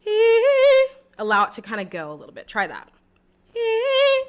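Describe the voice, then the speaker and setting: A woman's voice: medium pitch, lively intonation, very fast, bright, forceful tone. A young adult woman vocal coach teaching a singing lesson in a chatty, encouraging way, breaking into short sung demo notes.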